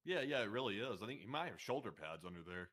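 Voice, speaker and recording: Male co-host, slightly low voice, relaxed banter, halting delivery with fillers. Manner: laid-back, joking, halting with fillers. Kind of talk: casual chat.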